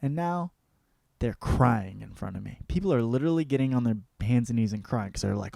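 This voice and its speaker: A man hosting his own comedy podcast, talking in a profane, rambling monologue that swings between mumbled asides and loud rants. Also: mid-range voice, lively intonation, brisk, creaky.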